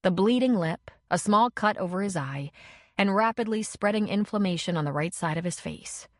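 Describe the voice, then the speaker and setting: A woman reading an audiobook in measured, expressive narration. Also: medium pitch, no echo, clean studio sound. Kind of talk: scripted narration.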